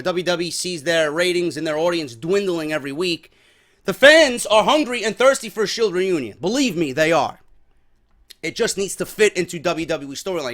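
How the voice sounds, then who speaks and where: High-voiced man ranting about wrestling. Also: fairly bright tone. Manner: profane, opinionated, emphatic. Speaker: wrestling commentator. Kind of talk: casual wrestling recap rant.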